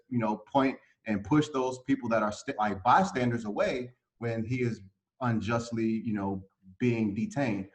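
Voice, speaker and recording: A man hosting a panel discussion, who builds a pointed question step by step. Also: medium pitch. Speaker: host.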